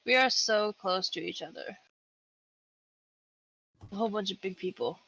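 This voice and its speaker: A woman playing a tabletop game, thinking aloud with quick exclamations. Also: medium pitch, fairly bright tone, breathy edge, low-quality recording. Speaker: player. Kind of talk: casual tabletop play.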